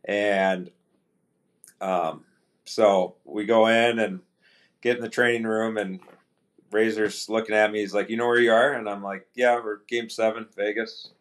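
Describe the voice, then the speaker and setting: Low-voiced man telling a hockey story. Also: a little slow. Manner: relaxed anecdotal, quotes teammates in dialogue; frequent restarts and fillers. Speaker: podcast guest, pro hockey player. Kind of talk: casual storytelling.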